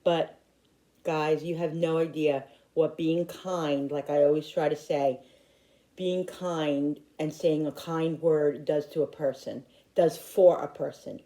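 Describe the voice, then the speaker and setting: A woman's voice: sits low, steady tone, takes it slowly, dark tone. A middle-aged woman talking to her viewers in a heartfelt, rambling way, often restarting her sentences. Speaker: YouTuber. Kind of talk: personal vlog talk. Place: home in upstate New York.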